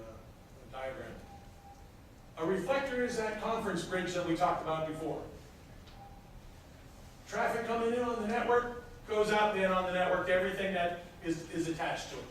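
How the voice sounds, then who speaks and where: A man with a somewhat high voice teaches a roomful of students, walking them through a procedure step by step. He stops often to hunt for the next word. A distant recorder in a very echoey classroom catches him, with a faint hiss underneath. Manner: explains step by step with frequent hesitations. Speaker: instructor. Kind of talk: classroom lecture. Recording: echoey room from far off, faint noise.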